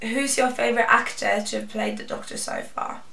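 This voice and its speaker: Young Norwegian-accented woman, excitable fangirl co-host; high, fry-edged voice, roomy off-mic sound. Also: a little fast, recorded from a distance. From Norway. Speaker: co-host reading fan questions. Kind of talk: casual Q&A chat. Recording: echoey room, off-mic.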